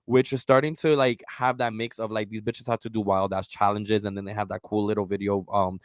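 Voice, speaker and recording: A man co-hosting a podcast in casual chat, talking in an animated, profane way. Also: fairly low pitch, brisk, no echo, studio quality. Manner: animated, profane, swings into loud mock voices. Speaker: podcast co-host.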